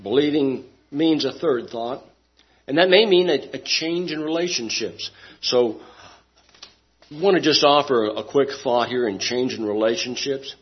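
A man preaching a sermon, asking rhetorical questions and swinging between loud emphatic lines and quiet ones. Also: mid-range voice, a little slow. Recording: dull lo-fi sound.

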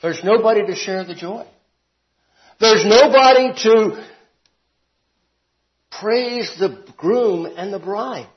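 A man teaching a Bible class. He talks expressively, rising to emphatic peaks and dropping to quiet asides. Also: high voice, measured pace, few pauses. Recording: dull lo-fi classroom recording.

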